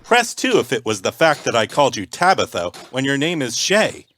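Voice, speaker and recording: A man making a prank phone call in a deadpan mock automated phone-menu voice. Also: medium pitch, brisk, slight background noise. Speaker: prank caller.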